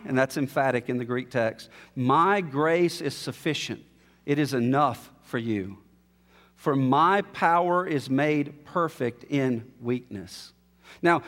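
A male pastor preaches with a high, carrying voice that swells to emphatic high points and then falls back to low, quiet asides. His sermon rings through a church sanctuary, trailed by a long hall reverb. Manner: expository, rising to emphatic peaks, then dropping low.

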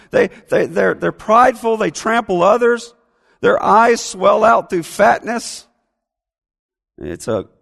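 Gravelly high-voiced preacher in a reverberant hall. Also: male voice. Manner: animated, acts out whining voices. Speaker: pastor. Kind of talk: sermon.

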